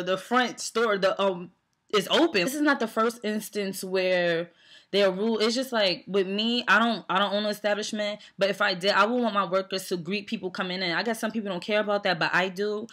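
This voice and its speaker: Young woman, casual vlog rant, animated storyteller, mid pitch. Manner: animated storytelling, quoting people, frequent fillers. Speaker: vlogger.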